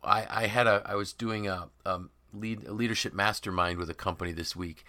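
A man hosting a podcast, talking in an emphatic, animated way and voicing imagined people's quotes. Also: on the low side, fairly quick. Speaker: podcast host and author. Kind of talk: conversational podcast discussion.

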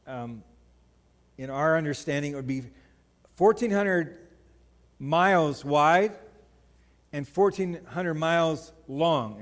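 In a church sanctuary with a long reverb tail, a man with a higher voice preaches a sermon as pastor. He stays conversational and jokey, telling animated stories to the congregation.

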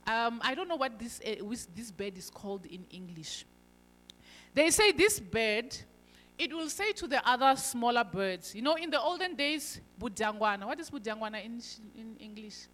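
Woman preacher, high bright voice, emphatic delivery, long hall reverb. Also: expressive, normal speed, a little hiss or hum. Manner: emphatic, swinging between loud stresses and quiet asides. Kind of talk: sermon.

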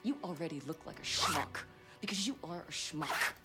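A woman's voice: sits low, expressive, normal speed, loud music behind the voice. An actress playing a restless young wife in a TV drama, bitter and cutting as she leaves her husband. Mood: scornful. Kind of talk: TV drama acting.

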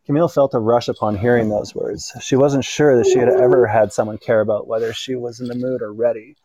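A man reading an erotic story aloud in an unhurried way, now and then stumbling and correcting himself. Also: mid-range voice, steady tone, warm tone, no room sound, muffled recording. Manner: unhurried reading with small slips and self-corrections. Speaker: narrator.

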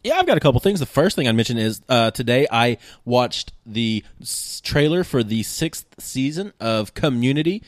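A man's voice: medium pitch, expressive, normal speed, few pauses, no echo, studio quality. A man co-hosting a podcast, reviewing TV and movies in a rambling, casual way, full of fillers and restarts. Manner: rambling, hesitant with many fillers. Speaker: podcast co-host. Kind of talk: casual chat reviewing TV and film.

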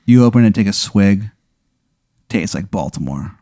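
A man narrates a comic tabletop game, his voice rising and falling animatedly. He sits low in pitch and speaks on a dry, close mic. He plays for laughs with crude asides. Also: moderate pace, no room sound. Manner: animated storytelling with crude humor. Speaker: game master.

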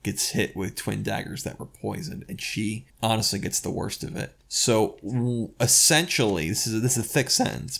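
A man's voice: on the low side, creaky, a bit bright. A man co-hosting a podcast, talking about a book in a rambling, enthusiastic way and often restarting his sentences. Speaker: podcast co-host reviewing a book. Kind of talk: casual discussion.

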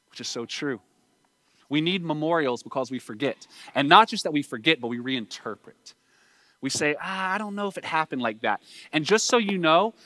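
A man's voice: on the high side, bright, forceful tone, no room sound, clean studio sound. A man with a Southern US accent preaching a sermon in a conversational way, asking the listeners rhetorical questions.

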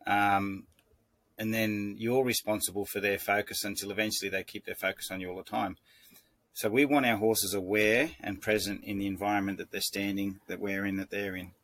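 A man with a low voice that stays flat and even, walking through horse-training ideas in a calm, measured way. He circles back and restarts his sentences as he explains. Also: no room sound. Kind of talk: instructional talk.

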